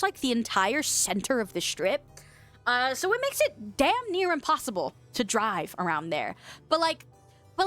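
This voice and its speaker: A young woman from the western US chats loosely on a stream, reading out comments and cursing freely. Her voice sits a little high and swoops around with animated pitch. Soft music plays faintly underneath. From western United States. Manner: chatty, swears freely, laughs often. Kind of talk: casual chat reading viewer comments.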